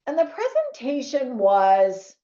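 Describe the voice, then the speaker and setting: A woman, a nurse telling a lively story to fellow nurses, acting out what others said. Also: high voice, takes it slowly. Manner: animated storyteller who acts out quoted voices. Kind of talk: storytelling talk to an audience. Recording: echoey, slightly dull room recording.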